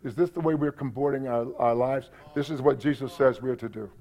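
Speaking fairly quickly in a warm, medium-pitched voice, a male pastor gives a folksy, funny sermon. He keeps repeating his points and talking directly to the congregation, and the church recording sounds dull and lo-fi.

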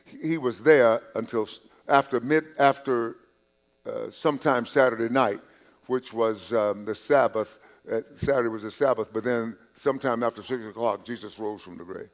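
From the pulpit, a man serving as pastor preaches in a middle pitch at a moderate pace. He addresses the congregation casually, repeating himself and starting phrases over, going quiet for asides before lifting his voice on key points.

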